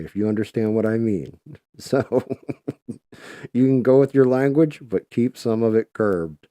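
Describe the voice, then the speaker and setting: A man's voice: mid-range voice, measured pace, warm tone, no echo, clean studio sound. A man hosting a live stream, chatting casually and swearing freely while he paints. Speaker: livestream host.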